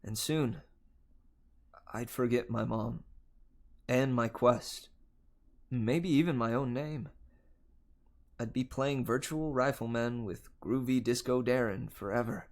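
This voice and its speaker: A man reading a novel aloud on a livestream, telling the first-person story in a steady, unhurried way. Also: mid-range voice. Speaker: livestream reader.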